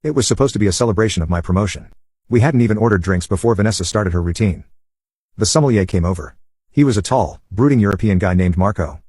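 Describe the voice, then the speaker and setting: A man's voice: lowish voice, animated, fast, darkish tone, husky, dry recording, clean studio sound. A man narrating an online story in a wry, sardonic scripted tone.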